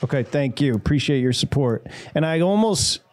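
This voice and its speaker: A man's voice: on the high side, lively intonation, moderate pace, a little mellow, slight background noise. A man co-hosting a sports betting show, from Michigan, wrapping up a segment with teasing banter. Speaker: podcast co-host. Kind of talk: casual sports talk.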